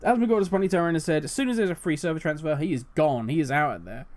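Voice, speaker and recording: A man's voice: a little high, very animated, racing, a little mellow. A man hosting a gaming channel, ranting animatedly with exasperated rhetorical questions. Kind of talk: casual commentary rant.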